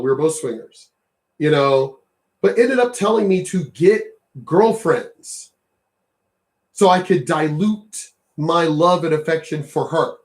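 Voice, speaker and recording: Blunt, cursing man ranting, high voice. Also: a little mellow. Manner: blunt, profane, repetitive ranting. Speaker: commentary vlogger. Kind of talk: ranting commentary on clips.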